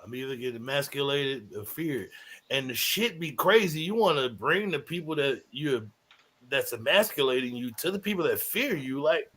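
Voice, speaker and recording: A man co-hosting a podcast, ranting in casual chat, laughing and breaking into shouts. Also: mid-range voice, lively intonation, moderate pace. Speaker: podcast co-host.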